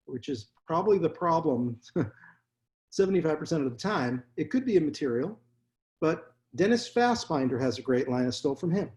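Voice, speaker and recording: A man, a dentist, telling blunt stories from his practice in a casual interview. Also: a little high. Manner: blunt, animated storyteller. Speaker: dentist guest.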